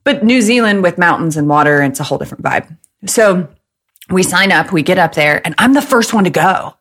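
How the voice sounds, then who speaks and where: Her fairly low, slightly rough voice is animated with a fairly bright tone. This solo podcast host, a woman from the American Midwest probably in her thirties, talks fast and tells stories in a chatty, joking style.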